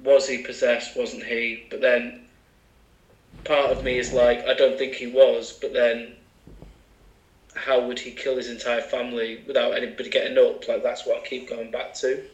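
A man's voice: mid-range voice, little pitch movement, moderate pace, roomy sound, muffled recording. A man from England chatting casually as a podcast guest, with many fillers and asides. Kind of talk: casual chat.

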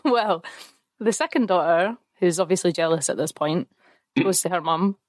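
Young woman, podcast co-host, giggly storyteller with a lowish voice, dry close recording. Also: normal speed, dry recording. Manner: laughs often, retells a folktale with playful asides. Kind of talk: casual storytelling chat.

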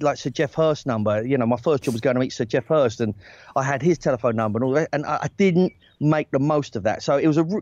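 A man in his forties tells stories casually, rambling and self-deprecating, often restarting his sentences. His voice sits at a middling pitch. It is recorded dry and a little dull through earbuds. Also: darkish tone, dry recording. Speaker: talent agent, guest. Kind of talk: casual anecdotal chat. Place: outdoors in a hammock. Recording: dry, slightly dull sound.

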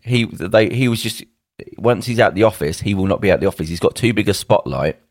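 A man's voice: lowish voice, animated, a little fast, no room sound, studio quality. A man co-hosting a podcast from home over a video call, rambling emphatically and acting out what people might say. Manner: rambling, emphatic, acts out quotes. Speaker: podcast co-host. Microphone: home mic on a video call.

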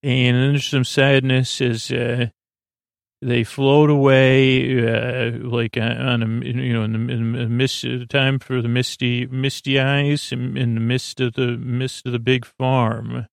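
A man's voice: mid-range voice, little pitch movement, unhurried, creaky, hardly any pauses, dry recording, studio quality. A man hosting a sleep-aid podcast, recapping an episode in a meandering, hesitant way as he thinks aloud. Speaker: podcast host.

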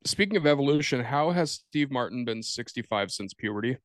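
A man who is a guest on a casual film podcast, throwing in quick joking quips. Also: medium pitch, expressive.

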